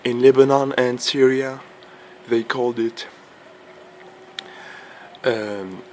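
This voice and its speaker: A man's voice: medium pitch, fairly even intonation, a little mellow, slight background noise, low-quality recording. A man whose first language is Arabic, filming a snowstorm before dawn, freezing cold and exclaiming in amazement as he talks. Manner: slow, halting, amazed exclamations. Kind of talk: casual vlog commentary.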